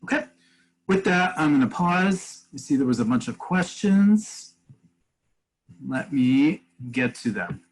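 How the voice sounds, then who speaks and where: A man's voice: on the high side, lively intonation, slow pace, a little hiss or hum, poor audio. A man teaching a webinar over a video call, explaining things step by step and answering questions from the chat. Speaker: Hebrew teacher.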